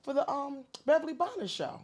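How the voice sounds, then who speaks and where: A woman's voice: high voice, animated, brisk, voice pushed up. A woman putting on the voice of a pushy, friendly man at a comedy club who coaxes her to audition. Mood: coaxing.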